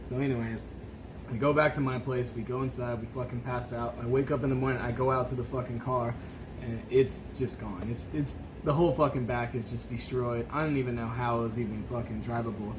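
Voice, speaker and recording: A man's voice: medium pitch, fairly even intonation, fairly quick, noisy background. A man co-hosting a podcast, telling a drinking story in casual chat, swearing freely and laughing as he goes. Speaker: podcast co-host.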